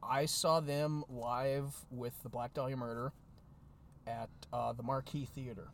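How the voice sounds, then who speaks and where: A man's voice: mid-range voice, little pitch movement, measured pace, vocal fry, a little hiss or hum. A man co-hosting a casual podcast chat, rambling with lots of fillers and swearing. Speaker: podcast co-host. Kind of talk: casual chat among friends.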